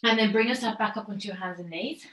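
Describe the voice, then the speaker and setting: A woman's voice: medium pitch, quick pace, a bit bright. A woman teaching a pilates class, cueing and counting each move in an encouraging way while slightly out of breath. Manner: encouraging, counts reps and gives step-by-step cues. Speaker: fitness instructor. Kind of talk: online pilates class instruction. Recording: echoey room.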